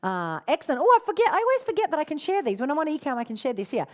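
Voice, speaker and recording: Bubbly high-voiced woman hosting a live stream. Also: huge pitch swings, very fast. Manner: effusive and encouraging, often gasping and cheering; affectionate, calls people darling. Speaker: host of a live lunchtime online session. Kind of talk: live-streamed casual talk to viewers.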